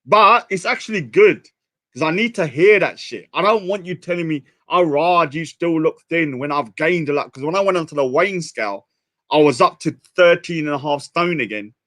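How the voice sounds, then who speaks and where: A man's voice: a little high, expressive, moderate pace, a bit bright. A young man with a British accent, rambling and self-mocking as a livestream host in casual chat. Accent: British English.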